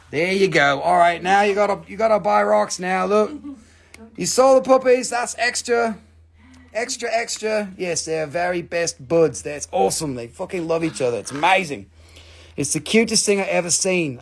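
A man hosts a live stream, selling crystals with loose, joking chatter. His voice sits a bit high and has a gravelly edge. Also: brisk. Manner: joking, chatty, swears casually. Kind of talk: casual live sales chat.

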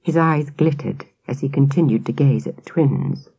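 Low, husky woman reading a children's book aloud, lively and expressive, dry studio sound. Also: moderate pace, no echo. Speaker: audiobook narrator. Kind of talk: children's audiobook narration.

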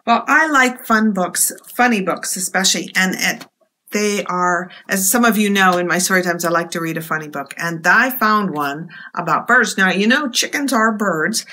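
A woman's voice: medium pitch, normal speed, bright, forceful tone. A woman who is a library storyteller, leading a children's storytime with a sing-song welcome rhyme and encouraging, chatty talk.

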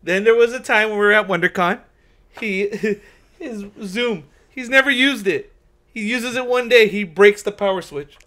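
A man's voice: high voice, moderate pace, pushed and bright. A man co-hosting a podcast, telling stories in a casual chat and laughing through them. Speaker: podcast co-host.

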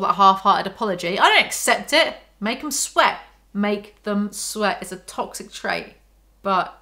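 A woman's voice: medium pitch, pushed and bright. A woman reviewing a novel, reading passages aloud and breaking off into sarcastic, exasperated commentary. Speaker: book reviewer.

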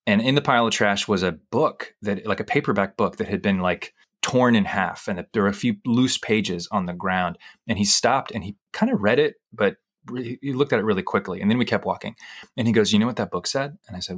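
A middle-aged man with a fairly low voice hosts a podcast, chatting casually and slipping into anecdotes and jokes. His talk is loose and conversational. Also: brisk, a bit bright. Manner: chatty, storytelling, joking. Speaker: podcast host. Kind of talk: casual chat.

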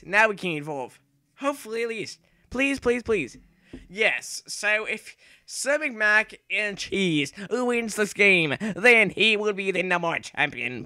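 A young man commentating his own gameplay, excitable and rambling, yelling and repeating himself as he plays. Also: high-pitched, no room sound. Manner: excitable, yells and shrieks when playing. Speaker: gaming YouTuber.

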